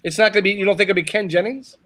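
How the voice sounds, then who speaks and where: A man's voice: high voice, fairly even intonation, racing, bright, forceful tone. A man co-hosting a casual group chat, easygoing and hesitant with frequent ums. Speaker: show co-host.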